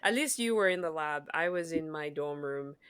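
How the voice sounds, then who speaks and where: A woman's voice: sits low, moderate pace, smooth, no room sound. A young woman co-hosting a podcast, casually telling stories and acting out the voices of people in them. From Kenya or Zambia. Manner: animated storytelling, acts out quoted exchanges. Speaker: podcast co-host. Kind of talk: casual chat.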